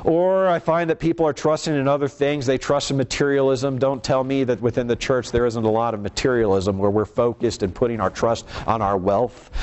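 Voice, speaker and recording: A man preaching a sermon, emphatic, shifting between quiet low passages and raised lines and asking the congregation rhetorical questions.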